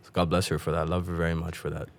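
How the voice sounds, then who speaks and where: A man whose first language is Dari, chatting quickly and animatedly as a podcast guest, often laughing. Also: sits low, little pitch movement. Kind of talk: casual interview chat.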